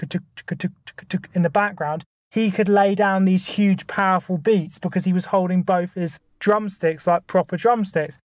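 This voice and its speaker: A man's voice: high voice, dry recording. Man arguing his points in a dry room. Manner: argumentative, lays out numbered points. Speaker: podcast co-host. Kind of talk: casual chat.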